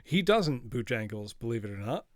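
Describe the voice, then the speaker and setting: A man's voice: mid-range voice, very animated, moderate pace, no room sound, clean studio sound. A man streaming a retro game live, chatting playfully with his viewers and laughing often. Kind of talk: live gaming commentary.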